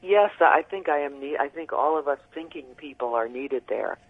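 A guest on a radio talk show, chatting thoughtfully with fillers over a phone line. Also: male voice, fairly high pitch, lively intonation, normal speed, vocal fry, slightly rough, no echo. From United States. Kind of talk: casual radio interview.

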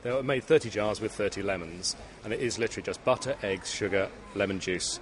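A man pitches his food products at a show stall. He talks fast and sounds eager. Faint noise sits behind him. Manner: enthusiastic, persuasive.

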